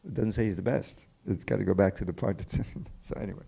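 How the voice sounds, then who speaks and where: A man speaks up from a scripture class, stopping and restarting as he searches for words. His voice is low and dark, with a gravelly rasp underneath. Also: fast. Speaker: class attendee asking a question.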